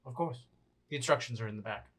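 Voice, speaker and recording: A woman playing a blustery, generous male gentleman explorer in a tabletop role-play, with a bossy, jovial manner. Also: extremely low pitch, fast talker.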